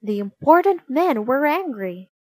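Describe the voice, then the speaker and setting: A woman reading a children's storybook aloud in a slow, expressive way. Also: high-pitched. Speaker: narrator.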